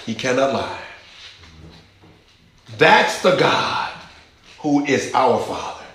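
A man's voice: mid-range voice, very animated, slow, fairly bright tone, a little hiss or hum. A man preaching a passionate sermon as pastor, repeating phrases for emphasis and drawing answers from his congregation. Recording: very echoey church hall.

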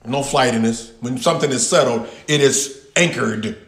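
A man teaching a Bible passage in sermon style, repeating key words with long pauses and talking back and forth with his listeners. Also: mid-range voice, fairly bright tone, reverberant. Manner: talks with the audience, answers their replies. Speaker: pastor teaching a Bible study.

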